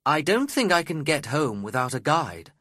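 Man doing a polite awkward gentleman visitor, eager cheerful delivery, lively pitch. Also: a little slow, breathy edge, no room sound, studio quality, full character voice. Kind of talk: storybook reading.

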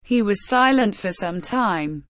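Slow, careful woman reading a storybook. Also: mid-range voice, animated, fairly bright tone, dry recording. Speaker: audiobook reader. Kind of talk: scripted storybook narration.

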